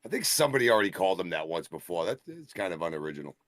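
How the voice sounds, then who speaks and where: Co-host type, man with a deep voice, jokey and quick to laugh, dry mic. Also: big pitch swings, a bit bright, no room sound. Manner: joking, laughs often, slips into put-on Boston voices. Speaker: wrestling show co-host. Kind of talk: casual live-stream banter.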